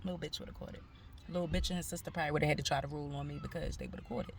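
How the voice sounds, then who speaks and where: A woman's voice: sits low, fairly even intonation, very fast, slight background noise. A woman tells a story in a casual, profane vlog. She talks animatedly and acts out the people she quotes. Faint outdoor ambience and passing cars sit behind her phone recording. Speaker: vlogger.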